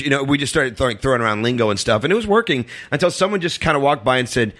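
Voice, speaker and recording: A man guesting on a talk show, telling a long rambling story, full of fillers and acting out quotes in a higher voice. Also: rapid-fire, few pauses, a bit bright. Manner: rambling, filler-heavy, acts out quotes in a high voice. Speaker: comedian guest. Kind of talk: casual storytelling chat.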